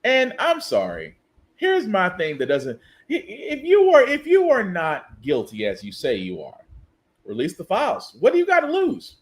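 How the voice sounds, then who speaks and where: A male podcast host delivers casual political commentary in a sarcastic, ranting manner. His voice sits high and rises and falls with lively swings. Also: moderate pace.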